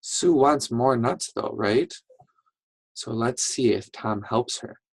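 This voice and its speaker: This is an online reading lesson for first graders, taught unhurriedly by a patient teacher who keeps praising the children and checking in with "okay?" and "right?". The teacher's middle-pitched voice is slightly rough and sounds close and dry, without any room echo.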